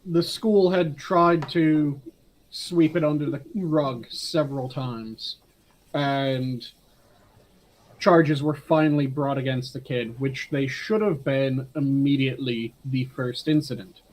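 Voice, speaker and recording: A man's voice: mid-range voice, fairly even intonation, slow pace, darkish tone. A man co-hosting a podcast in casual chat, blunt and terse, often answering with short agreements. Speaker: podcast co-host.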